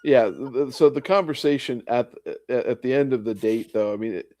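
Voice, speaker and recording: A man's voice: mid-range voice, fairly quick, darkish tone, dry recording, clean studio sound. A man in a casual book discussion, recapping with many fillers and restarts. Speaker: podcast co-host.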